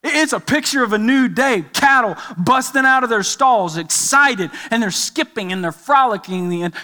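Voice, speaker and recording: A man's voice: extremely high pitch, expressive, normal speed, pushed and bright. A man preaching a sermon as pastor, emphatic and building with repeated phrases.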